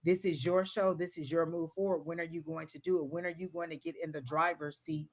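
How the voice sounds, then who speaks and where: A woman whose voice sits low speaks fairly quickly in a steady tone. A tarot and psychic reader, she gives readings to viewers on a live stream, sounding earnest, repetitive, and motivational with casual phrasing.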